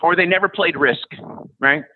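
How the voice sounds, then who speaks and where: A man in his fifties, a podcast guest, ranting bluntly in casual conversation, profane and sarcastic, often mocking people in high-pitched put-on voices. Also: normal speed, background noise. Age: 50s. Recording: tinny phone-like line.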